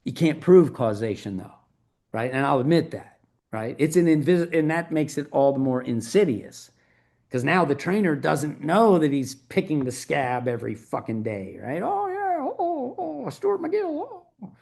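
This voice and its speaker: A man's voice: mid-range voice, lively intonation, normal speed, a little mellow. A middle-aged man as an interview guest, talking in a fired-up, emphatic and profane way. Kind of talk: podcast interview.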